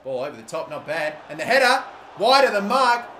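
An Australian man commentating his own football video game career, calm musing that bursts into loud shouting at big moments. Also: fairly high pitch, brisk. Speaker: gaming YouTuber. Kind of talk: excited gameplay commentary. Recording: echoey room with faint noise.

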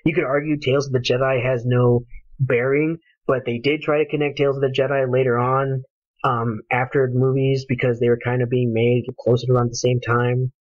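A man's voice: medium pitch, no echo. A man ranting angrily about a game, with passionate, profane talk. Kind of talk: heated solo rant. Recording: dull lo-fi home recording.

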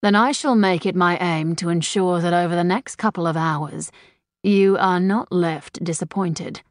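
A woman reading the part of a tender, confident male lover in a soft, murmuring voice. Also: fairly low pitch, a little slow, dry recording, studio quality, natural voice.

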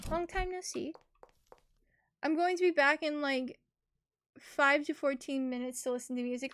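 Bubbly young woman streamer, high voice. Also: lively intonation, fairly quick. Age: young adult. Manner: chatty, bubbly, talks to chat while playing. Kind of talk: casual game commentary. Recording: faint game music behind.

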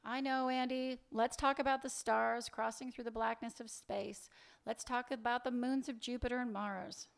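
A man doing a dry, sarcastic woman with a gravelly edge. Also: high-pitched, moderate pace. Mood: wry. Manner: dry, teasing, dismissive. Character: sarcastic weary woman dodging a lover. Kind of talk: fiction reading aloud.

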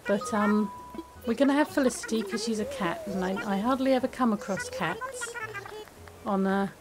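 A woman chatting casually while playing a game, with many restarts and a soft, hesitant way of talking. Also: mid-range voice, sing-song, normal speed, over music, rough recording. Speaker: gaming video creator. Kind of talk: casual gameplay commentary.

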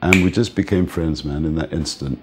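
An older man interviewed as a music manager, telling relaxed stories and often laughing and saying "man". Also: rumbling low, fairly quick, noisy background. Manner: relaxed, reminiscing, often says "man", laughs between points. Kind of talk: casual storytelling interview.

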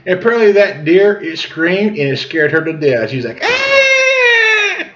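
Man in his forties, folksy rambling storyteller, lively pitch, dull lo-fi sound. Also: a little fast. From southern Missouri. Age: 40s. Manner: chuckling, goes on tangents. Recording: dull lo-fi recording.

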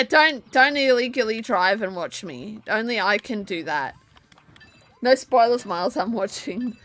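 A drunk woman streaming from home, talking loudly, rambling and giggling at a desk mic. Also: fairly high pitch. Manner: loud, rambling, laughing. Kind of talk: casual live-stream chat. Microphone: desk microphone.

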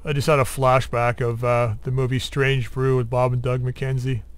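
A man's voice: medium pitch, little pitch movement, normal speed, smooth. A man casually commenting while playing a survival game, rambling, mumbling to himself and teasing the zombies. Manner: mumbling while doing two things at once. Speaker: gaming channel host. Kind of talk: casual let's-play commentary.

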